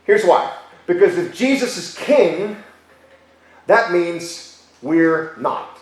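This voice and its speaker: A man preaching a sermon as pastor, emphatic, repeating key phrases and slowing down for stress. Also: sits high, lively intonation. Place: church sanctuary. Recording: very echoey church hall.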